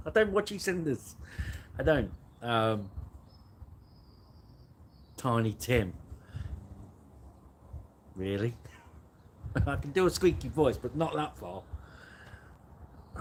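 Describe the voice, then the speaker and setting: A man's voice: medium pitch, big pitch swings, slow, pauses often, a little hiss or hum. A man hosting a casual live chat, rambling and joking about himself with frequent laughs. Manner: rambling, self-mocking, laughs often. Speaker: host. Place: garden at night, outdoors.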